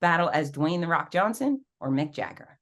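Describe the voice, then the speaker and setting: A woman guest on an interview podcast telling her story in a lively, animated way, acting out quoted voices with big jumps in pitch. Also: moderate pace. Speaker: podcast guest, fitness professional and race announcer.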